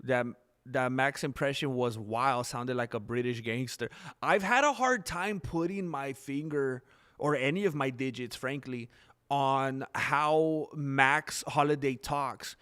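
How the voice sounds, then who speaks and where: A man's voice: mid-range voice, unhurried, fairly bright tone, clear, resonant tone. A man hosting a casual livestream, rambling and reacting to the chat with lots of ums. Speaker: livestream host. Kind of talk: casual live-stream chat.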